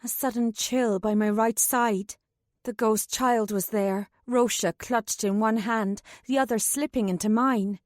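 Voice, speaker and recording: A woman's voice: on the high side, steady tone, unhurried, no room sound. A woman narrating a first-person fantasy audiobook in a tense, urgent way, close to a studio mic.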